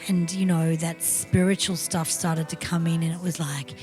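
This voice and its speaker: A woman's voice: lowish voice, level tone, normal speed, darkish tone, faint music behind. A woman co-hosting a podcast in casual, chatty, opinionated talk, swearing now and then. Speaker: podcast co-host. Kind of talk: casual chat.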